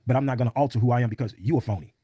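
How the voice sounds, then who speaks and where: A man's voice: medium pitch, rapid-fire, warm tone, slightly rough, dry recording. A man in an interview, telling a story in a blunt, emphatic, often profane way. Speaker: podcast guest.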